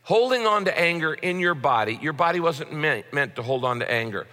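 A man's voice: a little high, lively intonation, brisk, bright, forceful tone. A man preaching a sermon as a pastor, in a conversational way with frequent repeated words. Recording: long hall reverb.

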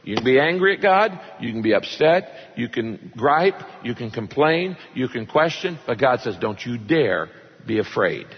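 A man's voice: mid-range voice, animated, normal speed, hardly any pauses, husky. A man preaching a sermon, joking with the congregation and reading scripture with dramatic emphasis. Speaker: pastor. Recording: long hall reverb, dull lo-fi sound.

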